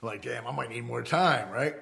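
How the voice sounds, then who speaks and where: Gravelly middle-aged guy from the states, swearing a lot, telling a story loose and animated. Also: medium pitch, fairly quick. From United States. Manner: profane, animated, acts out quoted voices. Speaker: ex-convict telling his life story. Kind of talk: casual storytelling.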